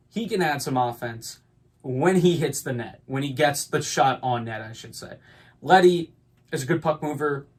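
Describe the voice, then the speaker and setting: A man hosting a podcast in casual sports talk, with a voice pitched in an ordinary middle range. He rambles and leans on fillers, but stays upbeat about his picks. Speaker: podcast host.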